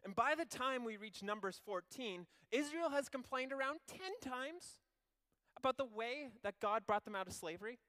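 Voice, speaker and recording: A male preacher with a high, bright and clear voice. He tells the story in a lively, casual way and drops wry asides to his listeners. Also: normal speed. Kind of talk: sermon.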